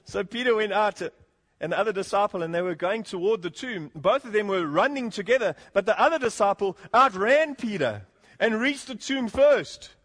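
A man's voice: high-pitched, animated, normal speed, a bit bright. A man preaching an earnest expository sermon, often rising to emphatic points and chuckling between them. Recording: long hall reverb.

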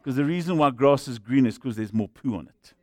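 A pastor preaching a sermon in an animated, rhetorical way, with humorous asides. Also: male voice, mid-range voice, fairly quick, dry recording.

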